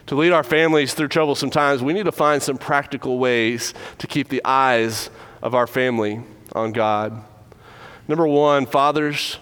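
A middle-aged man preaching a sermon in a church, earnest and measured, stressing key words. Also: mid-range voice, fairly even intonation, a bit bright, clear, resonant tone. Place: church building.

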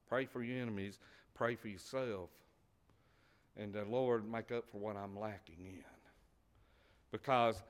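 A man preaching a sermon, swinging between loud emphasis and quiet, near-whispered asides. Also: mid-range voice.

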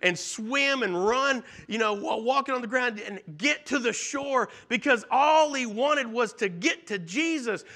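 A man preaching a sermon, earnestly retelling scripture and swinging from loud emphasis to hushed near-whispers. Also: extremely high pitch, animated, unhurried, hardly any pauses. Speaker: pastor.

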